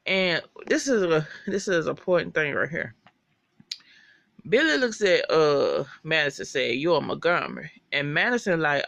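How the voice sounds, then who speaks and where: Casual episode recap, gravelly voice, swears a lot, animated storytelling, dry, lo-fi sound. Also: mid-range voice, no echo. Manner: animated, profane, chatty storytelling. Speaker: TV show recapper.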